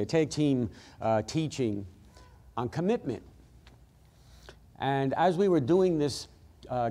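A man's voice: mid-range voice, warm tone. A man preaching a fervent sermon as the church's pastor, with frequent exclamations of praise.

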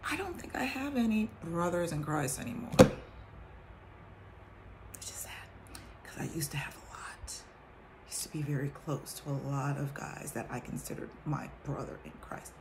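Slow, gravelly woman reading scripture aloud. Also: sits low, expressive, in a whisper, low-quality recording. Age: 40s. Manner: reads a verse slowly, then comments candidly. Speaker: vlogger sharing testimony. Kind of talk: casual faith talk reading scripture.

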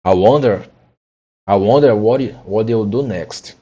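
A young girl from a storybook frets and muses aloud to herself, as a man reading aloud puts her on. The voice is low and husky, with no real change from his own. The recording sounds slightly lo-fi. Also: measured pace, dark tone. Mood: fretful. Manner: musing, talks to herself. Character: young girl Alice, fretful and thoughtful.

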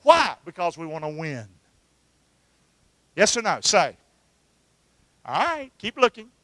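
A man's voice: high voice, big pitch swings, takes it slowly, pushed and bright, no room sound. A middle-aged man, preaching a sermon and calling out questions for the congregation to answer back. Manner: call-and-response preaching, asks the congregation to answer. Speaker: pastor.

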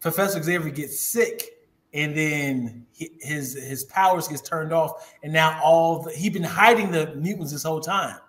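A man in a casual podcast chat who speaks haltingly and often searches for words. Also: on the high side, fairly bright tone. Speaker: podcast guest.

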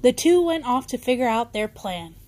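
A woman's voice: a little high, sing-song, moderate pace, darkish tone. A woman reading a children's bedtime story aloud, with occasional small slips and restarts.

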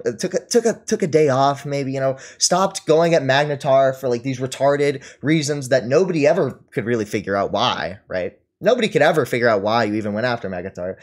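A man ranting at his live stream chat, mocking and taunting his target and laughing at them. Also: fairly high pitch. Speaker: streamer reading and answering chat.

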